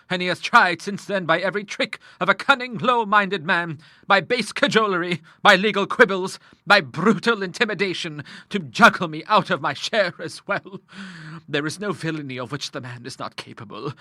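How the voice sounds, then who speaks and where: A man voicing a stern, grim older woman in an audiobook, speaking with forceful scorn. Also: high voice, normal speed, dry recording, clean studio sound, pitched above the performer's own voice. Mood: vehement. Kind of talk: audiobook character voice.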